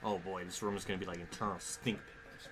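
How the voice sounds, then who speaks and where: A man's voice: deep voice, steady tone, brisk, background noise. A man streaming a racing game, cursing at the game and muttering under his breath. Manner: frustrated, profane, swearing often at the game. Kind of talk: live gameplay commentary.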